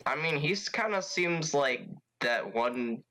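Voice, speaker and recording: A man's voice: fairly high pitch, lively intonation, takes it slowly, bright, forceful tone, rough recording. A man playing in a tabletop game, joking and playful in casual talk. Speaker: player. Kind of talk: casual tabletop role-play.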